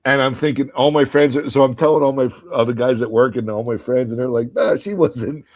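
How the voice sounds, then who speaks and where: A man in his fifties telling an animated story in casual chat, acting out quotes and laughing. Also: mid-range voice, quick pace.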